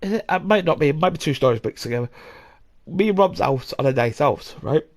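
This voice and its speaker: Sweary, animated man telling stories. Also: fairly high pitch, brisk. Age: young adult. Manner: rambling, sweary, laughs often, acts out voices. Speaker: podcast host. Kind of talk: casual storytelling.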